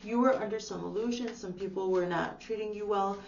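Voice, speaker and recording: A woman giving a casual, gentle tarot reading, reassuring her viewers and filling her talk with "like". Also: medium pitch, brisk, creaky. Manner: gentle, reassuring, uses lots of "like". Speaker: tarot reader. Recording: echoey room, distant dull mic, faint hum.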